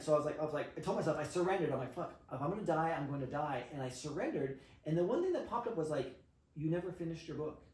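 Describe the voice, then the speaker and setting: A man telling a personal story in casual conversation, animated and swearing freely. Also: a little high. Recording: roomy, distant mic.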